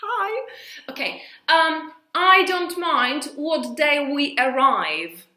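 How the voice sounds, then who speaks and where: A woman teaching an English lesson in a lively, animated way, slowly stretching out her example phrases. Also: high voice, roomy sound.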